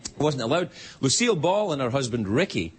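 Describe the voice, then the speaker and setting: A man's voice: mid-range voice, sing-song, fairly quick, slightly rough. A Scottish man hosting a late-night show, delivering a teasing comedy monologue in a TV studio. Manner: playful, teasing, joking. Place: TV studio before a live audience. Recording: loud studio audience laughter and noise.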